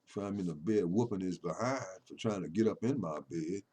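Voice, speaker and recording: A man, a poet, delivering an impassioned spoken monologue about his poems, preachy and emphatic, moving between loud declarations and low, intimate murmurs. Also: fairly quick, a little hiss or hum.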